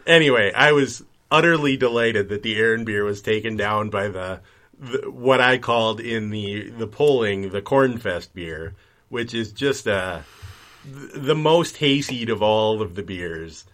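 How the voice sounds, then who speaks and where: A man's voice: lowish voice, unhurried, fairly bright tone. A man co-hosting a casual podcast, making sardonic, mock-grumbling jabs and wry comparisons. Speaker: podcast co-host.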